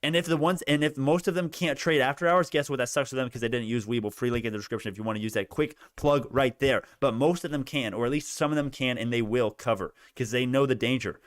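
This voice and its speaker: A young man giving animated live commentary on stock prices, laughing and repeating himself, his voice worn out. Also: medium pitch, fast, few pauses, dry recording, clean studio sound. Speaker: stock market streamer. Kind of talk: excited live market commentary.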